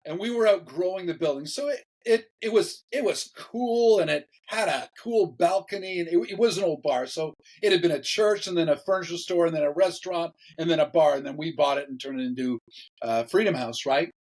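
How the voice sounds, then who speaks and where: Animated male pastor telling a story. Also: a little high, fairly quick, low-quality recording. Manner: animated, repeats words, laughs while telling. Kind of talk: casual storytelling interview.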